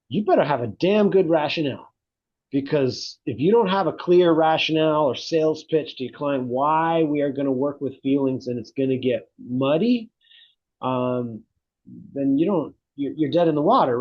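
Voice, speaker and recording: A man's voice: mid-range voice, darkish tone, dull audio. A middle-aged man, a psychotherapy researcher, speaking reflectively in an interview and telling stories with animation. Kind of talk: conversational interview.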